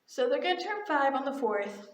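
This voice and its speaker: A woman's voice: high voice, sing-song, normal speed, echoey room. A young woman who works retail tells a casual storytime in a chatty, gushing way with lots of "like" fillers. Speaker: retail cashier and vlogger.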